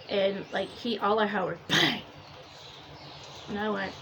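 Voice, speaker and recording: A woman casually recounting a dream, rambling and animated, full of fillers and quoted speech. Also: mid-range voice, moderate pace, pauses often, slight background noise, rough recording. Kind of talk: casual spoken storytelling.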